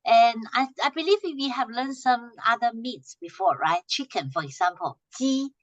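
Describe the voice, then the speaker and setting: A woman teaching a language class, patiently repeating short phrases slowly for her students to echo. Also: fairly high pitch, expressive, highs cut off.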